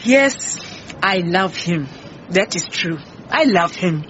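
Radio drama: defensive head cook, brusque, swooping pitch. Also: female voice, lively intonation, takes it slowly, a bit bright. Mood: wounded. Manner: brusque, indignant. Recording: muffled with faint hiss.

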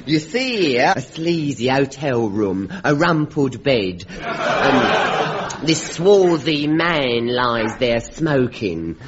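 A man's voice: mid-range voice, sing-song, drawn-out words, heavy background noise. An actor playing a vain, pompous male film director who speaks in grand pronouncements, in a radio comedy. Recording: dull radio recording, loud audience laughter.

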